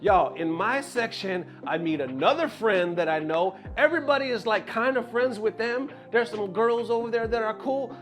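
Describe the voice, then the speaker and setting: Animated high-voiced young man telling a story. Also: moderate pace, few pauses, faint music behind. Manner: animated, slangy, addresses viewers. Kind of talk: storytime vlog.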